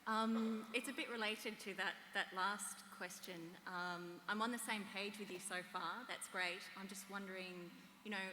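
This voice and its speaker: A woman's voice: medium pitch, steady tone, moderate pace, few pauses, sharp tone, reverberant, in a large hall, slight background noise. A woman asking a question at an audience microphone, friendly and joking, with nervous laughs. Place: large hall, audience microphone.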